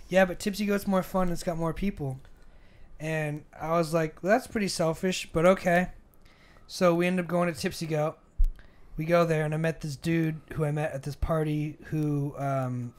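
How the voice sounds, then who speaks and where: A man in his twenties from Arizona, telling a story in a casual podcast chat and acting out the quotes as he gets heated. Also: on the high side. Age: 20s. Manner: animated, acts out the argument in quoted voices, gets heated. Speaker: podcast co-host. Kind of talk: casual storytelling over beers.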